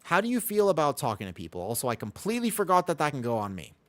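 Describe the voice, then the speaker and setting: A man's voice: fairly high pitch, huge pitch swings, very fast, a bit bright. An American man from Los Angeles, chatting casually on a live game stream, reading out and answering viewer questions. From Los Angeles, USA.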